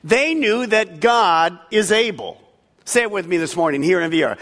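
A man preaching a sermon in a big hall, his voice somewhat high and very lively as it rises and falls. Long reverb rings after his words. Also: normal speed. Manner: emphatic preaching, swelling and dropping. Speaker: pastor. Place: large church hall.

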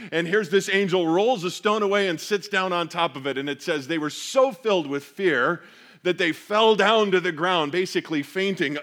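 A man preaching a sermon, reading scripture aloud and explaining it with animated storytelling. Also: fairly high pitch. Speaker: pastor.

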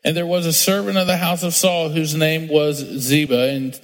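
A man's voice: fairly high pitch, little pitch movement, normal speed. A male pastor preaching a sermon in a chatty, storytelling way. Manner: conversational preaching, acts out little scenes. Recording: long hall reverb, soft music underneath.

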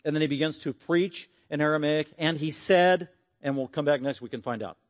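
An earnest, animated man preaching a sermon and closing in prayer. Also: on the high side, fairly quick, slight background noise. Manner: earnest, animated, acts out quotes.

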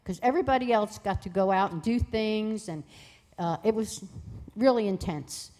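A woman guest telling a personal testimony in a lively way, acting out the voices of people in her story. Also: mid-range voice, normal speed. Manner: lively, acts out voices in quoted dialogue.

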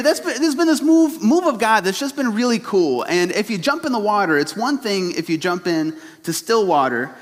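Young man, youth pastor, high voice, casual laughing sermon, long hall reverb. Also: very animated, moderate pace. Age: young adult. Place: church sanctuary.

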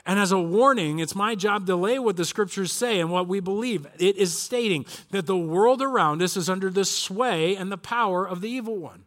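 A man in his forties preaching a sermon, telling a story with animated quoted voices. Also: high-pitched, moderate pace, hardly any pauses. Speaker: pastor. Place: church.

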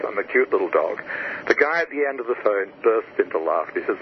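A man, an author being interviewed, telling stories and teaching by example with lively enthusiasm and frequent restarts. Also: on the low side, brisk, narrow, tinny audio, a little hiss or hum. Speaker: author and guest. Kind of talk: animated storytelling interview answers.

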